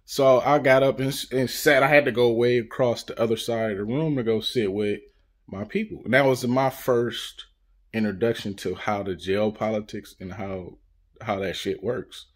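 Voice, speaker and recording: A man's voice: fairly low pitch, steady tone, moderate pace. A man from Northern California talking casually to camera on his vlog, loose and rambling, with lots of "you know" and restarts. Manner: loose, rambling, full of "you know what I'm saying". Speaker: YouTube vlogger. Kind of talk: casual storytelling monologue.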